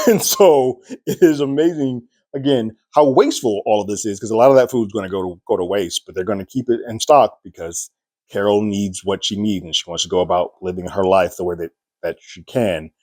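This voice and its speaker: A man giving a casual, chatty review of a TV episode, animated and laughing at what happened. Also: on the low side, no room sound, clean studio sound.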